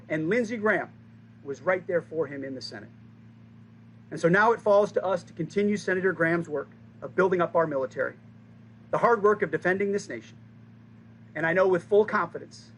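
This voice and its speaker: A man in his forties giving a formal, rousing ceremony speech, stressing key lines with pauses for effect. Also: fairly high pitch, a bit bright, a little hiss or hum, low-quality recording. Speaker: speaker at a base ceremony.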